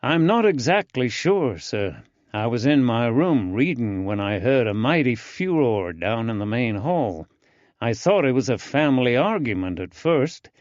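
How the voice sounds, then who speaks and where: A male narrator voicing an earnest, eager young man with a soft drawling accent in an audiobook. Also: mid-range voice, very animated, unhurried, no echo, lo-fi sound.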